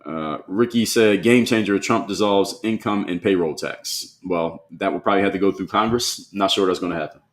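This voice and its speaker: A man runs a solo live stream. He answers viewers' comments one by one in a relaxed, conversational tone and pushes back firmly when he disagrees. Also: low-pitched, moderate pace, few pauses.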